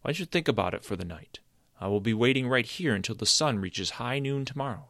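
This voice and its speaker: A man's voice: medium pitch, animated, fairly quick, gravelly, a bit bright, no echo, clean studio sound, voice pushed up. A man voicing an old male wizard cursed into a tree stump, firm and insistent as he explains. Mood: confident.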